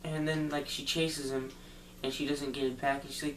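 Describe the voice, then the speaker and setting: A man casually retelling a movie plot for a review, rambling loosely and filling pauses with "like" and "um". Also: fairly high pitch, little pitch movement. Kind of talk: casual spoken movie recap. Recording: roomy echo, distant mic, faint hum.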